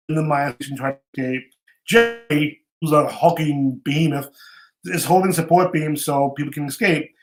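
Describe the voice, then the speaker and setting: A man with a slightly high voice hosts a podcast and recaps episodes in loose, chatty talk. He often stumbles and repeats words as he goes. The room around him rings with echo. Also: normal speed. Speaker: podcast host. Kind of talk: casual recap chat.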